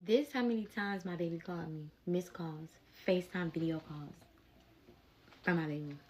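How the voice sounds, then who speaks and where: A young adult woman telling a personal story in a casual storytime vlog, animated and emotional, with plenty of slang. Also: lowish voice, moderate pace, a little hiss or hum.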